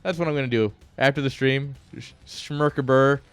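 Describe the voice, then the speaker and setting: A man's voice: mid-range voice, steady tone, moderate pace, smooth, no echo, faint music behind. A man casting a strategy game on a live stream, rambling off-topic and joking at his own expense. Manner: rambling, joking asides, chuckles at himself. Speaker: esports caster.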